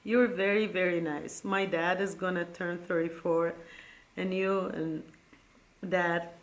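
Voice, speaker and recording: A middle-aged woman reading old letters from her sons aloud, tender and halting, close to tears. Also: fairly low pitch, steady tone. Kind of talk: emotional casual vlog reading.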